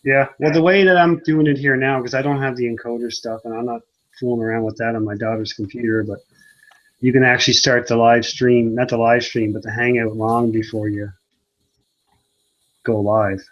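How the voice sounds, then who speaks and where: A man's voice: medium pitch, fairly even intonation, moderate pace. A man hosting a casual group chat, joking and teasing, giving tech advice. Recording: dull, lo-fi mic.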